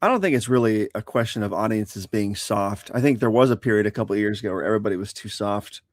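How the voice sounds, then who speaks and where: Laid-back lower-voiced man chatting. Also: fast talker, no echo, clean studio sound. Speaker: podcast co-host. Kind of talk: casual live-stream chat.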